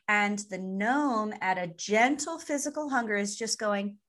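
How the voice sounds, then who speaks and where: A woman co-hosting a podcast, explaining eating habits through lively, playful analogies in a casual chat. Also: mid-range voice, measured pace. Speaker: podcast co-host, nutrition expert.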